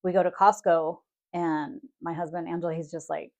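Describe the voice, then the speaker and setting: Low gravelly woman telling stories. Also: flat delivery, moderate pace, darkish tone. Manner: storytelling, swears freely, acts out quotes. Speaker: podcast co-host. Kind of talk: casual chat.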